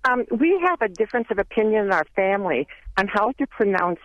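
A woman's voice: mid-range voice, expressive, fast talker, no room sound. A woman calling in to a radio show with a question, speaking plainly with a few ums. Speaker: caller. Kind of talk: call-in question. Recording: dull phone line.

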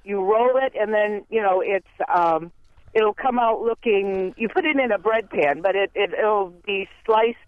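High-voiced male caller on a tinny phone line. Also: no room sound. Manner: friendly, halting explanation. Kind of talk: call-in phone chat. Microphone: telephone.

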